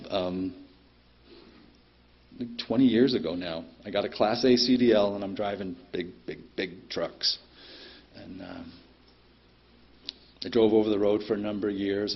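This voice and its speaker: At a recovery meeting, a middle-aged man shares his personal story in a somewhat low, husky voice, plainspoken and blunt, with plenty of ums and an occasional curse. He speaks a little slowly with fairly even intonation and long pauses, and the meeting-room recording is dull and lo-fi.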